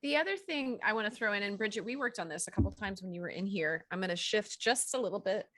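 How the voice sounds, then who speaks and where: A woman's voice: medium pitch, quick pace, fairly bright tone, dry recording. A woman voice coach explaining acting tips in an encouraging, hands-on way. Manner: explanatory, encouraging, demonstrates as she talks. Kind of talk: casual coaching chat.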